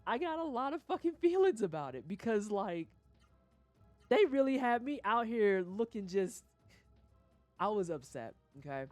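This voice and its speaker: Animated, profane woman ranting. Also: medium pitch, normal speed, no room sound, soft background music. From St. Louis, USA. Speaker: livestreamer. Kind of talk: casual rant on a gaming stream.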